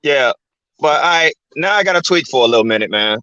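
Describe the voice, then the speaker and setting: A man's voice: mid-range voice, lively intonation, a little fast, pushed and bright, dry recording. A man hosting his channel in a casual, rambling, profanity-filled rant, filling his talk with "man" and "you know what I'm saying". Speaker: channel host. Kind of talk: casual ranting monologue. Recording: dull, lo-fi dry recording.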